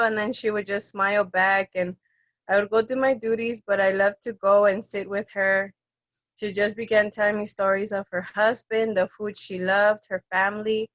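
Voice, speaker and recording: A young woman working in end-of-life care tells an animated story from her own experience, voicing the people in it. She speaks at a medium pitch, with no echo, on a dull, dry lo-fi recording.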